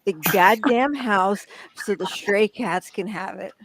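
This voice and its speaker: A woman's voice: medium pitch, takes it slowly, dry recording. Blunt, swearing woman on a stream. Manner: blunt, annoyed, heavy swearing. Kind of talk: casual live stream chat.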